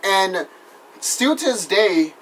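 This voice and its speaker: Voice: medium pitch, lively intonation, slow pace, a bit bright. Casting note: heated, cursing vlog ranter, rambling, apologetic after outbursts. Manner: profane, heated, rambling with restarts. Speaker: wrestling vlogger. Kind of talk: casual vlog rant.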